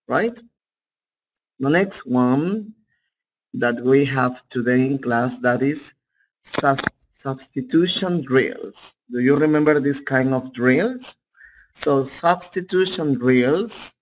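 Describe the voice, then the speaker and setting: Male English teacher, Peruvian Spanish accent, slow and steady lecture pace, mid-pitched, keeps checking in with students. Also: a little hiss or hum, poor audio. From Peru. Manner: unhurried, checks in with "okay?". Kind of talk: online class lecture.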